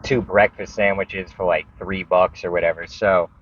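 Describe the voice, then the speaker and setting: A man's voice: low-pitched, fairly even intonation, normal speed, a bit bright, muffled recording, a little hiss or hum. A man telling a personal story in a casual, rambling way, often repeating words and restarting sentences.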